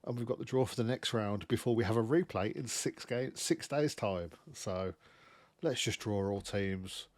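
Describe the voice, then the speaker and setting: A young man giving casual, expressive let's-play commentary on a football management game, swearing freely. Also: fairly low pitch, normal speed, no room sound. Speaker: gaming YouTuber.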